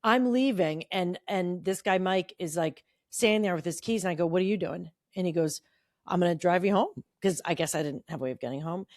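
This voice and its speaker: A middle-aged woman co-hosting a podcast, reading an old teenage journal aloud and acting out the quotes in a bright voice. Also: lowish voice, brisk, few pauses, no echo, clean studio sound. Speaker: podcast co-host.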